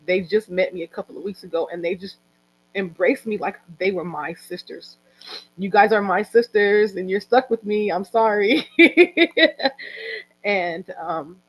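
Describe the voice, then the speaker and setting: A woman hosting an online event, giving a halting, heartfelt personal speech over a video call. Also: mid-range voice, low-quality recording. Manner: halting, heartfelt, with many restarts. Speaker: event organizer and host. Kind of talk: emotional personal speech on a livestream.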